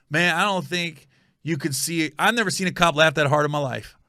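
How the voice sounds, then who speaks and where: A man hosting a comedy podcast, telling a funny story with animated energy and loud reenactments. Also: fairly quick, creaky, no room sound, clean studio sound. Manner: animated storyteller, bursts into high shouted yelling when reenacting.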